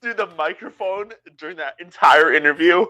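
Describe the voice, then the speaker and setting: A man co-hosting a horror movie podcast, excitable and cutting in with exclamations in casual chat. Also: a little high, normal speed. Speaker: podcast co-host.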